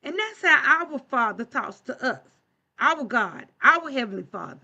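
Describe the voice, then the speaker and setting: A woman's voice: sits high, very animated, a little slow, creaky, pushed and bright, muffled recording. A woman preaching a sermon in a church, talking in a plain, conversational way and asking the congregation questions.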